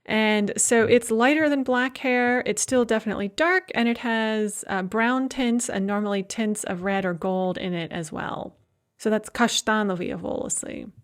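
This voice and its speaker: A woman professor talks through a recorded lecture in a clear, explanatory way. Her voice sits a little on the higher side, and she speaks alone into a close mic. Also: fairly even intonation, moderate pace.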